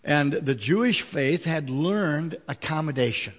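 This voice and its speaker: A man's voice: a little high, expressive, unhurried, long reverb tail. A man preaching a sermon as a pastor, talking conversationally with fillers and rhetorical questions.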